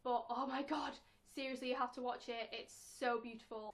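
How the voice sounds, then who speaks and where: A young woman with a British accent talks casually to camera in a vlog, answering viewer questions. Her voice sits high, and she rambles along in a playful, chatty way, switching to a squeaky put-on tone when she quotes people. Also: level tone, normal speed. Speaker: vlogger.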